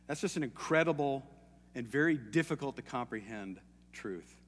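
A man's voice: medium pitch, expressive, moderate pace, long reverb tail, slight background noise. A man preaching a sermon in an earnest, hesitant way, often restarting his sentences.

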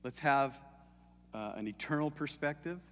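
A man's voice: a little high, normal speed, fairly bright tone, long reverb tail, slight background noise. A man preaching a sermon in an earnest, hesitant way, often restarting his sentences.

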